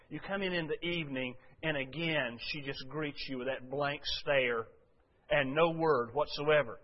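A man's voice: on the high side, normal speed. A man preaching a sermon to a congregation, folksy and conversational, full of rhetorical questions. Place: church before a congregation. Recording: dull lo-fi recording.

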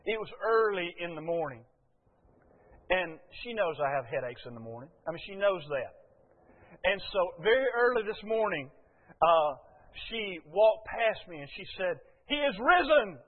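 An older man, preaching a folksy, storytelling sermon to his church with many short pauses and fillers. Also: sits high, expressive. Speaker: pastor. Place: church sanctuary. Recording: phone-like sound with long hall reverb.

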